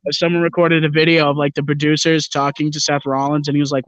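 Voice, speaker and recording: A man's voice: on the high side, little pitch movement, fast, clear, resonant tone, dry recording. A man rambling through wrestling opinions on a video call, talking casually and swearing. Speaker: livestream co-host. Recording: dull lo-fi call audio.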